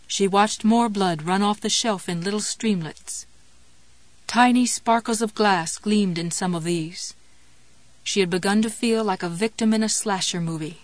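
Woman reading a horror audiobook, steady and measured, close dry mic, mid voice. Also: mid-range voice, no echo. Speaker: audiobook narrator. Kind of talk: scripted narration of a horror novel.

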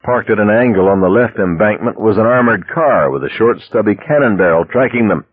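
A man narrating a story aloud in a steady, measured reading. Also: on the low side, husky. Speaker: audiobook narrator. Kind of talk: scripted narration. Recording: dry tinny phone-like sound.

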